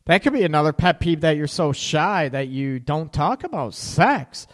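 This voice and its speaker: Lively, candid man hosting a relationship talk. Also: a little high, moderate pace. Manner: candid, laughs at his own slips, keeps adding "right?". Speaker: relationship talk show host. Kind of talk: casual livestream chat.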